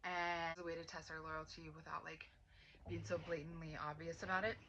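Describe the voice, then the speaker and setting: Chatty woman recapping a book, bright edgy voice, kinda dull lo-fi sound. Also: sits low, little pitch movement, a little fast. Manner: chatty, filler-heavy with lots of "like"; quotes characters in lightly acted asides. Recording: dull lo-fi sound with faint noise.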